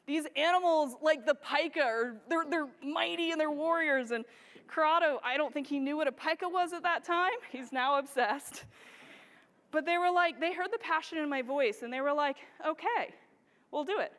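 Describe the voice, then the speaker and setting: A woman photographer giving an excited, bubbly talk on a conference stage to a live audience, laughing often. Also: high voice, moderate pace. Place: large event stage before a live audience. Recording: long hall reverb.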